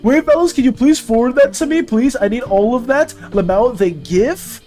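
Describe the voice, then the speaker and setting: An art streamer talking casually with viewers on a live stream. The pitch jumps around animatedly as they read chat messages aloud and reply to them. Soft music plays faintly underneath. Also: lively intonation, moderate pace.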